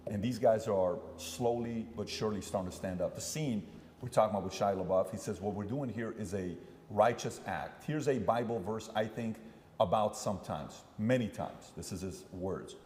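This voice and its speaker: A man's voice: lowish voice, normal speed, a little mellow, in a large hall. A man in his thirties hosting a casual podcast chat, rambling and acting out the people he quotes. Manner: rambling, acts out quoted voices. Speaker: podcast host. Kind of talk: casual talk show chat.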